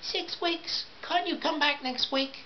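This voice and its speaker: Snappy, demanding middle-aged lady, put on by a male reader: high, shrill, curt, on a dull lo-fi recording with hiss. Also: slow pace. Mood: indignant. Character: sharp-tongued fussy middle-aged woman customer.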